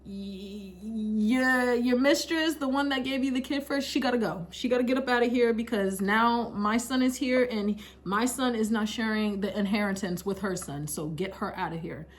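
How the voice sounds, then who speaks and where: A woman's voice: on the high side, normal speed, hardly any pauses, lightly acted. A woman voicing a proud, indignant wife who bosses her servant around, sassy and scolding.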